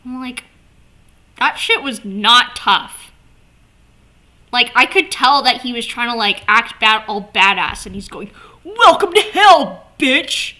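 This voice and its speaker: A woman vlogger chatting casually to camera, animated and swearing, with lots of "like" fillers. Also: on the high side, unhurried, long pauses.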